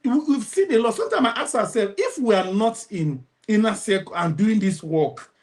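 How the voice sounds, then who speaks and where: Lively storyteller woman. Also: mid-range voice, moderate pace. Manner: laughs often, acts out other people's voices. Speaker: parenting coach. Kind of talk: animated storytelling.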